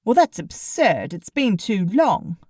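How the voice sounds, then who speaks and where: A woman voicing a brisk, impatient woman with a curt, dismissive manner, in an audiobook. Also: medium pitch, sing-song, a little mellow, no echo, clean studio sound, distant mic.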